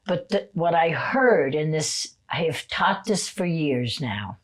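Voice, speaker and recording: A woman in her sixties telling a personal story in casual podcast talk, going from hushed tones to loud, swearing outbursts. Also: low-pitched, lively intonation, takes it slowly. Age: 60s. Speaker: guest psychic.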